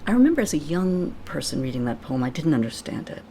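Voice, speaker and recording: A man's voice: on the high side, big pitch swings, quick pace, creaky, dark tone, low-quality recording. Male author interviewee, thoughtful, reflective, faint room noise.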